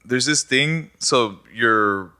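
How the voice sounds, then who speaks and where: A man co-hosting a casual podcast chat, animated and quick to laugh, swearing often as he explains things. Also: mid-range voice, clear, resonant tone. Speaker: podcast co-host.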